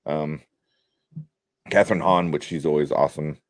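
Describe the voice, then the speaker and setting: A man's voice: extremely low pitch, moderate pace, no room sound, clean studio sound. A man co-hosting a podcast, chatting loosely at a desk mic, swearing freely and laughing often. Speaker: podcast co-host. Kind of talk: casual chat.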